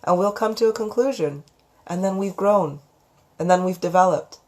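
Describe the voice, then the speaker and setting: A woman hosting a live psychic stream, talking in a calm, gentle, affectionate way as she counsels viewers on relationships and reads out their comments. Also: fairly low pitch, normal speed. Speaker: psychic reader and channel host.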